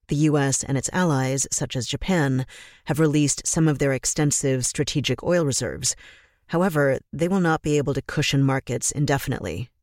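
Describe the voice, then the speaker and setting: A man delivering scripted political commentary in a measured, grave and emphatic way. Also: mid-range voice, darkish tone, dry recording, clean studio sound.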